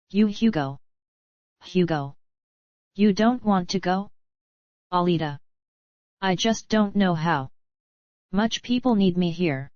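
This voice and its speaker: A woman reading a screenplay aloud in a flat manner, naming each speaker before the line. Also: on the low side, no room sound, lo-fi sound.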